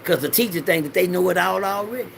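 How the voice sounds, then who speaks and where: A man's voice: high voice, fast talker, gravelly, a bit bright, slight background noise. A middle-aged man rambling through a preachy personal monologue in loose slang, swearing freely and repeating lines for the audience to say back. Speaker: vlogger.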